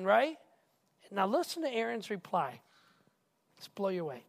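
A male pastor preaching a casual, animated sermon who keeps asking the crowd questions. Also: high voice, moderate pace, gravelly, pauses often. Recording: reverberant hall.

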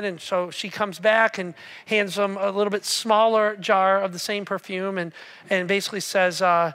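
A man's voice: high voice, steady tone, normal speed, a bit bright, clear, resonant tone. A man preaching a sermon to a church congregation, talking in a conversational, joking way and asking the room questions. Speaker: pastor. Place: church auditorium.

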